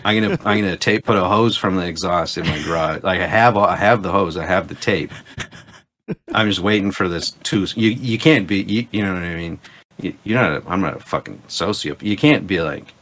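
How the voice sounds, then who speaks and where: A man talks hockey in a low, gravelly voice. His podcast chat rambles, full of swearing and lively storytelling. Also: brisk. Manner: rambling, profane, animated storytelling. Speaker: podcast guest. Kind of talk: casual chat.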